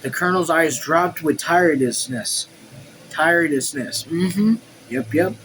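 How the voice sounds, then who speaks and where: A man's voice: on the high side, slow pace, fairly bright tone, slight background noise, rough recording. A man reading a novel aloud at home, casual, stumbling over words and swearing in asides. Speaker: audiobook reader. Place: home room.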